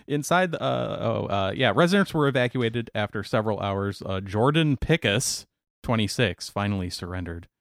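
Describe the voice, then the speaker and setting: A man's voice: fairly low pitch, animated, normal speed, vocal fry, dry recording, clean studio sound. A man co-hosting a casual comedy chat, reading out a news story and laughing often. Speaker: podcast co-host reading news stories.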